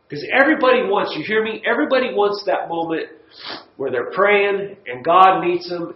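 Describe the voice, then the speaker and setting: Man, folksy Bible teacher, a bit high-pitched, echoey lo-fi church room recording. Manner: folksy, emphatic, repeats words for stress. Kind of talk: Bible study lesson. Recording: echoey room, dull lo-fi sound.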